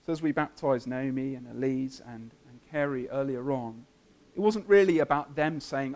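A man preaching a sermon, earnest and emphatic, building up and then softening to a quiet close. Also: mid-range voice, moderate pace. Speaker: pastor.

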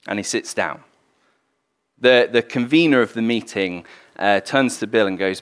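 A man's voice: mid-range voice, animated, moderate pace, fairly bright tone. A man preaching a sermon to a congregation in a candid, conversational way with plenty of fillers and restarts. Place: room with a congregation.

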